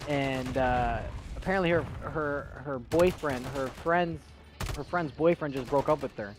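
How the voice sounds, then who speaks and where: A man's voice: medium pitch, normal speed. A young man from Texas, a streamer, telling rambling, profane stories in casual chat and laughing often.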